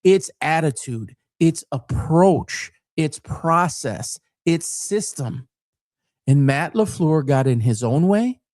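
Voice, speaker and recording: A passionate man, once a coach, now hosting his own sports talk commentary, who drives his points home through repetition and stacked phrases. His voice sits a touch high and rides up and down with real animation. The sound is dry and close, with no room around it. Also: expressive, takes it slowly, darkish tone, no echo. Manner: emphatic and repetitive, building rhetorical lists; passionate, fired-up. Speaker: former coach.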